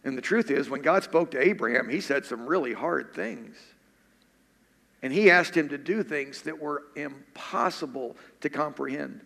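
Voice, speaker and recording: A man's voice: a little high, moderate pace, gravelly, bright, forceful tone. A male pastor preaching a sermon in an earnest way, repeating questions for emphasis. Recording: echoey hall.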